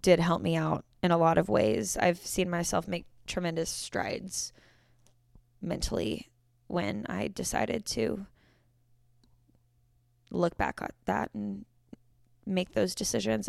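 A woman's voice: lowish voice, takes it slowly, vocal fry, long pauses, a little mellow, dry recording, studio quality. A young woman in her twenties hosting a solo podcast, chatty and rambling, often correcting herself mid-sentence. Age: 20s. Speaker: podcast host. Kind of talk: casual solo podcast talk.

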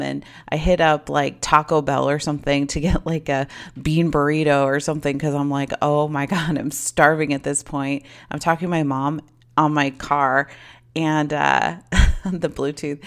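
A woman's voice: sits low, creaky. A young adult woman telling a personal story in casual chat, acting out quoted dialogue and saying "like" often. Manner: chatty, acts out quoted dialogue with lots of "like".

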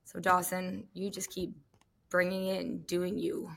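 A woman co-hosting a podcast, chatting casually in an animated, gushing, jokey way. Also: lowish voice, unhurried, gravelly. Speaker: podcast co-host. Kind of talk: casual chat about gymnastics.

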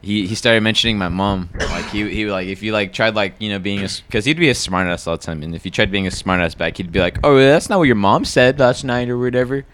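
A man's voice: fairly low pitch, fast talker, hardly any pauses, fairly bright tone, a little hiss or hum. A young man telling a story in casual, slangy chat, swearing and filling with "like". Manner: slangy, swearing, lots of fillers. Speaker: podcast co-host telling a story.

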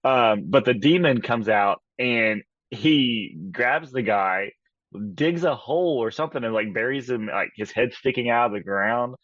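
A man's voice: medium pitch, measured pace, fairly bright tone, dry recording, lo-fi sound. Man rambling through a movie recap. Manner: rambling recaps full of "like" and restarts, laughing at bad scenes. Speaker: podcast co-host. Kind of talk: casual film-review chat.

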